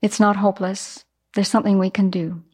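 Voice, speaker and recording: Animated woman giving a dharma talk. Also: medium pitch, a little fast, breathy edge. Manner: animated, acts out everyday examples. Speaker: Buddhist teacher.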